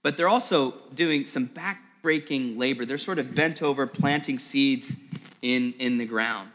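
A man's voice: mid-range voice, measured pace, fairly bright tone. A male pastor giving a sermon, conversational and vivid, often repeating words as he tells a story. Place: church service in a school hall. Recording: long hall reverb.

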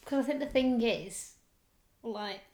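A woman's voice: a little high, measured pace, darkish tone, slight background noise. A woman co-hosting a podcast in casual chat, teasing her partner and laughing often. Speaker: podcast co-host.

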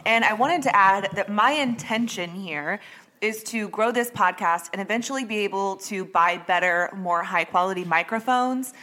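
A woman's voice: medium pitch, normal speed, sharp tone. A woman hosting a true crime podcast in a casual, chatty way, rambling a little and correcting herself as she goes. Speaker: podcast host.

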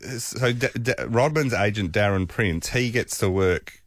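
A man telling a long anecdote on a talk show, animated and laughing often. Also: lowish voice, moderate pace, no echo, studio quality. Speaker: podcast guest. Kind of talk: casual storytelling chat.

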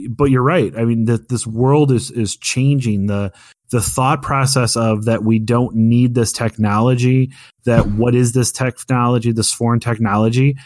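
A man in his thirties chats casually on a podcast, circling through his story with lots of ums and false starts. His voice sits in an ordinary middle pitch. The sound is close and dry, with almost no room. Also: no room sound. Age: 30s. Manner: rambling storyteller with many fillers and restarts. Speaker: podcast co-host. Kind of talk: casual chat.

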